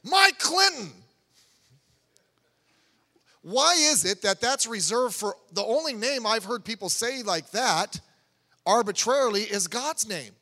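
A pastor, male, preaches a sermon at a moderate pace, his high voice ringing bright through the church sanctuary. He keeps it loose and conversational, often going off on asides or starting over. The hall adds a long, trailing reverb.

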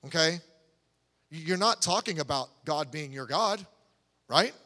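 A man delivers a sermon in a church sanctuary, his voice pitched high and ringing bright. He preaches in a loose, conversational way, full of asides and restarts. A long reverb from the hall trails his words. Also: animated, slow pace. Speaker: pastor.

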